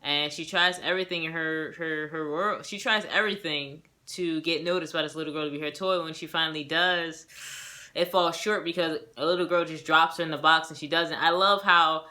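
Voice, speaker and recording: A young woman with a bright, crisp voice chats her way through a movie review. She rambles happily, laughs easily and acts out her own reactions as she gushes. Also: deep voice, fairly even intonation, moderate pace. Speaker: movie reviewer and self-published author. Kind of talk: casual movie review vlog.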